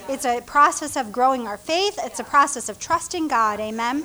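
A woman pastor preaching a sermon, reading scripture aloud and acting out the people in it with animated delivery. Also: high voice, moderate pace. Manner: animated, reads scripture aloud, acts out characters, laughs often.

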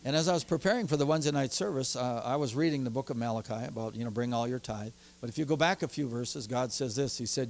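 A man preaching a sermon as pastor, telling stories from his church in an animated way and growing excited as he goes. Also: medium pitch, fast talker. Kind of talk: sermon with personal storytelling.

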